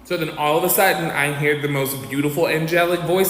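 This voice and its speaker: A man's voice: fairly high pitch, a little fast, hardly any pauses. A man telling a dramatic storytime in casual commentary, acting out the people he quotes. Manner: animated, dramatic retelling that acts out quotes. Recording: echoey reverberant room with faint noise.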